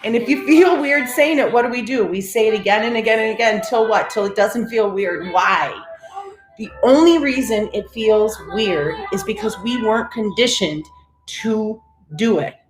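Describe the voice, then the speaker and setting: A middle-aged woman leading a live-streamed breathing and affirmation session, energetic and encouraging, calling out viewers by name. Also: fairly high pitch, moderate pace. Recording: roomy echo with faint music.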